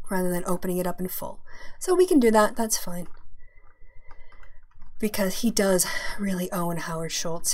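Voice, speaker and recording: A woman's voice: on the low side, a little mellow. A woman hosting a casual live-stream chat, opinionated and chatty as she fumbles with her browser tabs. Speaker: podcast host.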